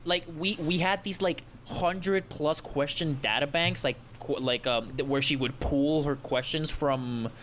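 A young man co-hosting a casual podcast, telling a rambling, animated story full of restarts and swearing. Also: fairly high pitch, measured pace, hardly any pauses, slight background noise. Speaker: podcast co-host.

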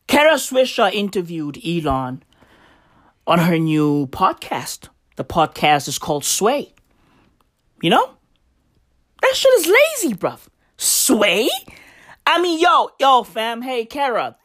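A woman delivering a profane comedic rant, swinging between slow musing, sing-song chanting and shouting. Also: medium pitch, big pitch swings. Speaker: comedic commentator. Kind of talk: ranting comedic monologue.

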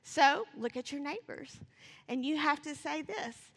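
A woman preaching, her voice bright and forceful. She talks fast and builds to passionate appeals. Her words ring with a long reverb in a church hall. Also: sits high, expressive, creaky. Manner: fast-talking, rising to passionate calls. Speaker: church speaker. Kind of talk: sermon with scripture reading.

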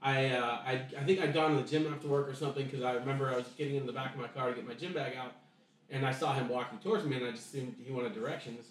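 A man's voice: mid-range voice, steady tone, rapid-fire. A man on a podcast casually telling a long story, rambling with restarts and acting out bits of dialogue. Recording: echoey room, voice distant from mic.

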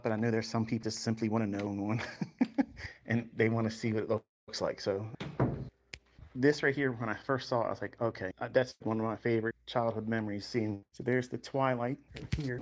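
A man's voice: lowish voice, fairly even intonation, quick pace, slight background noise. A man in his fifties giving a rambling, boastful house tour on a livestream, laughing often, his voice strained by back pain. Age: 50s. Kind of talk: casual livestream walkthrough.

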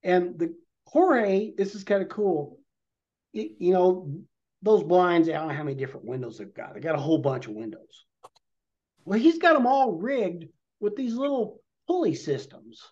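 A man's voice: high-pitched, animated, moderate pace, darkish tone. A man, a podcast guest, telling a rambling hunting story in vivid detail and a casual way. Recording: dull lo-fi podcast audio.

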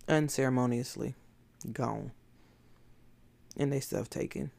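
Woman preacher, casual sermon, very gravelly, dark tone, blunt and emphatic. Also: very deep voice, a little slow. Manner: emphatic, blunt, conversational preaching with rhetorical questions. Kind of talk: informal sermon.

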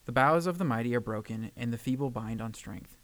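Male co-host, gravelly voice, earnest scripture reading, some stumbles. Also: mid-range voice, fairly quick, a bit bright, low-quality recording. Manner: earnest, reads with small stumbles and fillers. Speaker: podcast co-host. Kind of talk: Bible reading and reflection.

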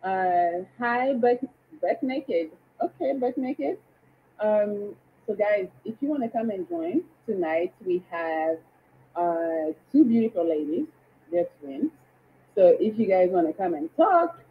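A woman's voice: mid-range voice, expressive, slow pace, lo-fi sound, a little hiss or hum. A woman hosting a live dating show, chatting and greeting viewers by name. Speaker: livestream dating show host. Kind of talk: casual livestream hosting.

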